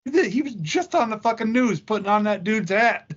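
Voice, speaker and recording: Husky and sitting high, this male podcast co-host's voice is animated and fairly quick. He jokes, curses and spins anecdotes in loose, profane chat, captured in a dull lo-fi recording.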